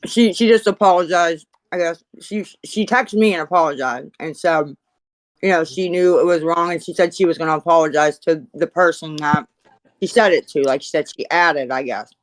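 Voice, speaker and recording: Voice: medium pitch, moderate pace, dry recording, low-quality recording. A moderator in a casual online voice chat, speaking hesitantly with lots of fillers and restarts.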